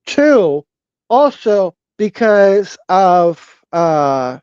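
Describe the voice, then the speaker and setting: Casual chat-show co-host, a man with a slightly high voice, halting and unhurried, on muffled stream audio. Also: very animated, darkish tone, clear, resonant tone, dry recording. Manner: hesitant, halting, many fillers and restarts.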